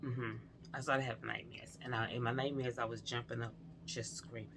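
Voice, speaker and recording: A woman's voice: extremely low pitch, fairly even intonation, a little fast, creaky, noisy background. A woman vlogger recounting a personal experience to her viewers, earnest and confiding, talking straight to them.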